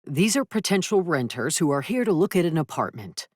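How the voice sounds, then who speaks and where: A woman's voice: deep voice, very animated, fairly quick, darkish tone, dry recording, clean studio sound, voice pushed up. A woman voicing an earnest, flustered young male intern in an audiobook, speaking eagerly.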